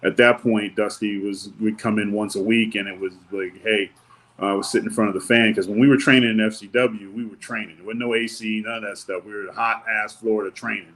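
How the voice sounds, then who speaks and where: A man's voice: fairly low pitch, fairly even intonation, a little fast, fairly bright tone. A man telling stories in a casual interview, loose and rambling, acting out the people he quotes. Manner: loose, rambling, with many fillers and restarts. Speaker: wrestling guest.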